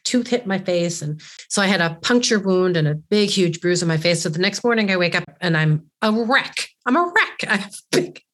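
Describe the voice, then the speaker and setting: A woman's voice: lowish voice, a little fast, few pauses, a bit bright. Earnest woman telling a personal story. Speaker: podcast co-host. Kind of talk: casual storytelling chat.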